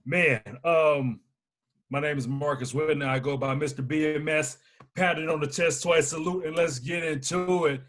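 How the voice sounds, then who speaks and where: A man from Alabama, a business owner and podcast guest, telling his story in a lively, playful, casual way. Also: on the high side, moderate pace. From Huntsville, Alabama. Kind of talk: casual conversational interview.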